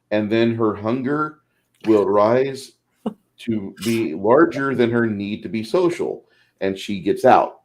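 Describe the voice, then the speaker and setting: A man's voice: fairly low pitch, a little mellow, low-quality recording. A man co-hosting a casual chat, rambling and filling his talk with "like". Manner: rambling, lots of "like". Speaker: co-host.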